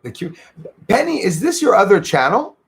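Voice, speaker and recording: Gravelly-voiced man hosting a casual livestream. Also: sits high, big pitch swings, normal speed. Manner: rambling, friendly, greets viewers by name. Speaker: livestream host. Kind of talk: casual chat reading out viewer comments.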